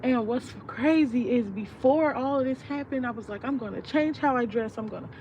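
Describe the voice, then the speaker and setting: Young woman, fairly high voice, profane heartfelt venting; distant muffled mic, faint street noise. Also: normal speed, darkish tone. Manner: profane, rambling, heartfelt, reflective. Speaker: vlogger. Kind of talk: casual personal venting.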